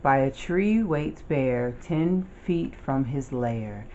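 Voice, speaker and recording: An adult reads a children's picture book aloud at an unhurried, careful pace, lingering over each line. The voice sits at a middling pitch. The recording sounds dull and lo-fi. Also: expressive, dark tone, a little hiss or hum. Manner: slow, deliberate storytelling delivery. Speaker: storybook reader.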